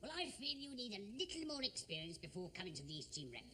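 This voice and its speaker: A woman's voice: mid-range voice, big pitch swings, fast, bright, forceful tone, slight background noise. A woman playing a dismissive repertory company manager who coolly turns away a would-be star. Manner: cool, dismissive, dry. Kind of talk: 1950s radio comedy acting.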